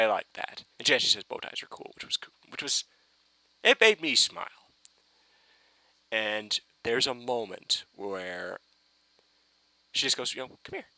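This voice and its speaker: Man, rambling excitable fan rant, gravelly edge, lively up-and-down delivery. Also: medium pitch, normal speed, pauses often, dry recording, poor audio. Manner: excitable, rambling, swears, frequent restarts. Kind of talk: casual fan review rant.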